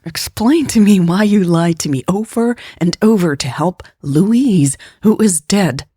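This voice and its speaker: A woman's voice: mid-range voice, unhurried, mellow, slightly rough, no echo, clean studio sound, voice pushed up. A woman reading an audio story, voicing a hurt woman scientist who half-whispers her accusations.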